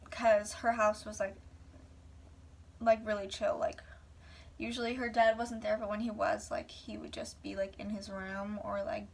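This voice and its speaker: A woman's voice: medium pitch, gravelly, recorded from a distance. A young woman vlogger rambling casually through a personal story, full of "like"s and whispered asides.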